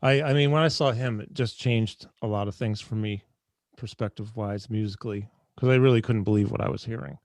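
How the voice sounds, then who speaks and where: A man hosting a casual video-call interview, chatty and enthusiastic, with lots of quick agreeing sounds. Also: fairly low pitch, steady tone, darkish tone, no room sound. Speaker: interview host.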